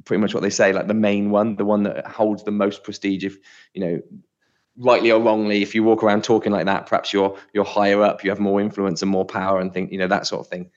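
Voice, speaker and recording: Chatty man, low voice, dull recording. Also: level tone, fast. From United Kingdom. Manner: chatty, explains with filler words. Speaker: podcast co-host. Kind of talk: casual podcast chat.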